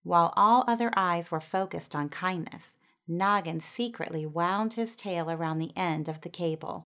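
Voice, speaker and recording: A woman reads a children's story aloud with gentle expression. Her voice sits a little lower than most women's, and she shapes the tale carefully, line by line. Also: normal speed. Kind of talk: storybook narration.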